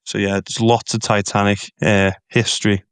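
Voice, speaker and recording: Liverpool tour guide, Scouse accent, clean and crisp, close and dry, eager and chatty. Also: male voice, fairly low pitch, little pitch movement, normal speed, dry recording. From Liverpool, England. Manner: enthusiastic, repeats words while explaining. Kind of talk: casual interview storytelling.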